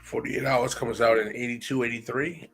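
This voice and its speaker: A man co-hosting a podcast, chiming in casually with quick facts. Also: medium pitch, steady tone, vocal fry, over music. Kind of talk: casual chat.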